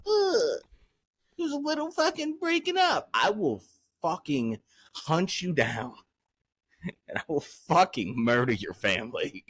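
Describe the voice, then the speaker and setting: Animated, profane male podcast host. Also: medium pitch, slightly rough, dry recording. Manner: profane, loud, swings from angry ranting to hyped cheer. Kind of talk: casual podcast chat.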